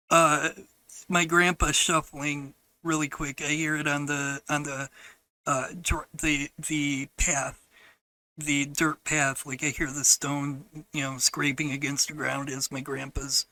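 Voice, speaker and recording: A man telling a personal story on his podcast, in a frank, halting and profane way. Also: fairly high pitch, pushed and bright, no echo, low-quality recording.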